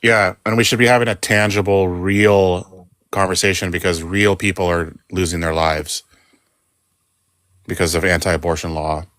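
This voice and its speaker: A man's voice: sits low, fairly even intonation, moderate pace, a bit bright, dry recording, clean studio sound. A man in an online debate, speaking bluntly and dismissively.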